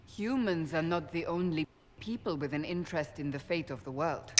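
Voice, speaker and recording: A woman playing a firm, formal female holy warrior in a video game, speaking in a measured way. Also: deep voice, lively intonation, long reverb tail, a crowd in the background. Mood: resolute. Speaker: church seeker, warrior.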